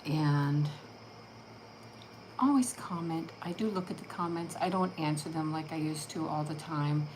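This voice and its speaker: A woman's voice: sits low, a little slow, a little mellow, slight background noise, rough recording. A woman hosting her own channel, chatting casually and affectionately with viewers during a live stream. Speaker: channel host.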